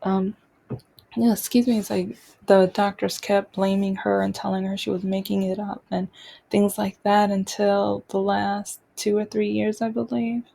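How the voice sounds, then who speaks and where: A woman with a dark, husky, gravelly voice talks through her own story as a podcast host, without a script. She rarely varies her pitch, and her delivery halts often as she cuts sentences short and begins them again.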